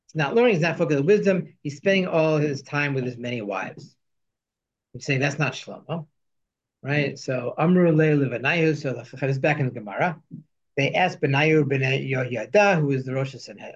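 A man's voice: fairly high pitch, muffled recording. A man teaching a class, reading Hebrew and Aramaic quotes aloud and translating each line as he goes. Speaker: Torah teacher. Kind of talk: text study lesson.

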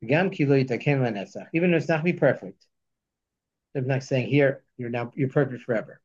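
A man teaching a text study lesson, reading verses slowly before he explains them. His voice sits at a middle pitch. The recording is a bit dull and lo-fi. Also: darkish tone, breathy edge. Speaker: Torah teacher.

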